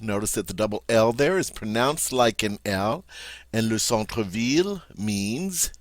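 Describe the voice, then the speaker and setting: A man teaching French vocabulary, repeating each word slowly and clearly and explaining it in a friendly, encouraging way. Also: on the low side, expressive, no echo. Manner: slow, drawn-out model pronunciations with repeats. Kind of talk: vocabulary lesson.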